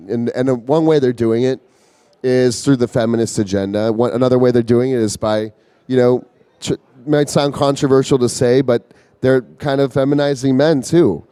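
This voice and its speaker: A man talking in a rambling, halting way during a casual conversation at a convention. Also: medium pitch, mellow, no echo. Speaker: interview guest. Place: convention floor.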